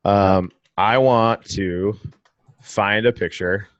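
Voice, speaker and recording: A man's voice: on the low side, fairly even intonation, drawn-out words, dry recording, dull audio. Laid-back man on a dry mic. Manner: laid-back, laughs easily, stumbling restarts. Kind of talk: casual chat.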